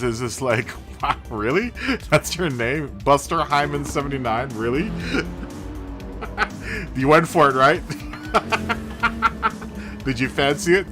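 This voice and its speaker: A man chatting casually on a live stream of a racing game, laughing often between remarks. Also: mid-range voice. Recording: game music playing under the voice.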